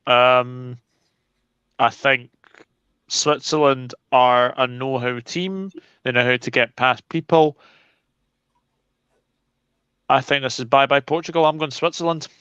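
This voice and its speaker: A man with a bright, clear voice chimes in on a casual football chat. He keeps his remarks short and agreeable. The sound is dry and dull, like a lo-fi connection. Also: mid-range voice, fairly even intonation, unhurried, no echo. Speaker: co-host.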